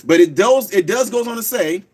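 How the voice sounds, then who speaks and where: A man hosting a radio talk show, speaking fast and preachy and slowing down to stress words. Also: sits high, expressive, a little mellow. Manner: preachy, emphatic, repeats words slowly for stress. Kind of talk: fast call-in radio talk, streamed live.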